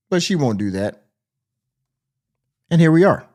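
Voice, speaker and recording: A man's voice: a little high, big pitch swings, measured pace, a little mellow. A man hosting a reaction commentary podcast, speaking in a mocking, sarcastic way. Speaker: commentary host.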